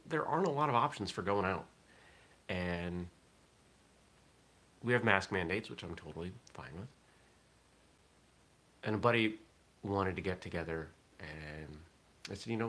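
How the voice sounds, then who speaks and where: A man's voice: sits low, fairly bright tone. A man hosting a casual morning vlog, rambling and thinking aloud with fillers. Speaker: vlog host.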